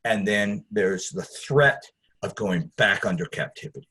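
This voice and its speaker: A man's voice: lowish voice, lively intonation, measured pace, bright, forceful tone, husky. A man teaching a Bible study, conversational and digressive, with asides to his listeners.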